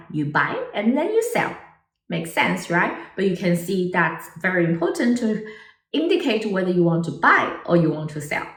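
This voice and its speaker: Woman language teacher, lower voice, very animated pitch, echoey room, distant mic. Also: unhurried. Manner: animated, exaggerated tone demonstrations. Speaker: Mandarin teacher. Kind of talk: online language lesson.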